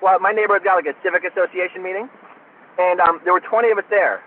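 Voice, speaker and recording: A man's voice: high voice, fast talker. A man from Florida as an interview guest, telling an anecdote casually and acting out the dialogue. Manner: animated anecdote teller, acts out dialogue. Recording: tinny phone line with faint noise.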